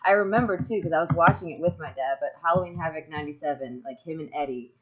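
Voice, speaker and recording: Excitable woman streamer telling stories. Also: low-pitched, fast talker, lo-fi sound. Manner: excitable storyteller who laughs often and acts out quotes. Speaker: streamer hosting a video call. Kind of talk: casual chat.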